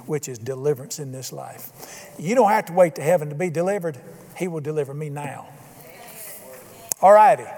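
A man's voice: a little high, a little mellow, in a large hall. An older man preaching a sermon with emphatic, folksy delivery and bits of humor.

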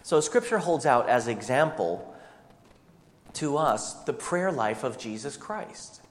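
A man's voice: medium pitch, animated, slow. A man preaching a sermon as pastor, asking the congregation one rhetorical question after another. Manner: rhetorical questions, shifting pace. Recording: long hall reverb.

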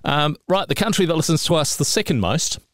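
A man's voice: expressive, a little fast, fairly bright tone, a little hiss or hum. A man co-hosting a podcast, talking in a casual, jokey, playful way. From New Zealand. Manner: jokey, playful, bouncing between high and low. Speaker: podcast co-host. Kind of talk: casual chat.

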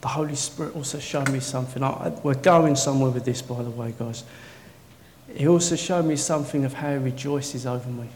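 A man preaching a sermon in a church, telling stories with swings from quiet to loud, wearing a mic. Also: medium pitch, a little fast. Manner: excitable storytelling, swinging from soft to loud. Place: church hall. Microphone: worn mic. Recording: echoey hall, faint noise.

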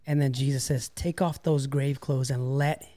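A man with a warm, mid-pitched voice reflects on faith while co-hosting a casual podcast. He speaks in a relaxed, affirming way and drops in fillers like "man" and "you know.". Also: normal speed. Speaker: podcast co-host.

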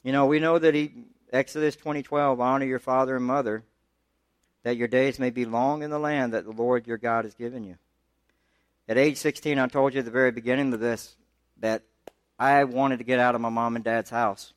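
Male pastor, mid pitch, conversational preacher who climbs in pitch to drive points home, close dry mic. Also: steady tone, a little fast, smooth, no echo. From United States. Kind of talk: sermon.

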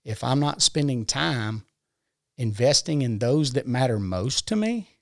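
A man's voice: medium pitch, lively intonation, unhurried, vocal fry, no echo, clean studio sound. A man talking in a casual conversation, explaining his ideas earnestly, step by step, with everyday examples. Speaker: podcast guest. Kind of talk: casual conversation about personal growth.

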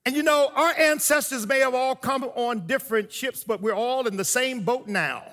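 A man preaching a sermon, with emphatic pauses and slow, drawn-out phrases. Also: very high voice, pushed and bright. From United States. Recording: long hall reverb.

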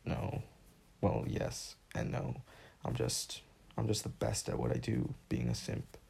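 A man's voice: sits low, sing-song, a little slow, gravelly, darkish tone, husky, heavily acted. A man playing a bitter snappy ex-simp. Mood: sulky. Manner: snaps insults, curt and irritable. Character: bitter rude young male ex-simp, snappy.

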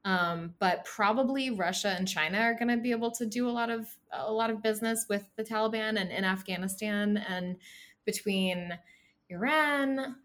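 A woman's voice: mid-range voice, moderate pace, a bit bright. A young woman from the United States in a casual conversation about the news, chatty and worried, with many fillers. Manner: talkative, filler-heavy, concerned.

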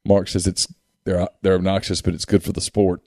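A man co-hosting a sports podcast, easygoing and quick to agree with his partner. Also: deep voice, monotone, a little mellow, dry recording, clean studio sound. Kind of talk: casual sports talk.

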